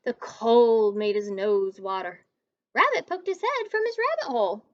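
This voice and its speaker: A woman teacher reading a picture book aloud to children, expressive, stopping to talk to her students. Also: fairly high pitch, moderate pace, no echo, muffled recording.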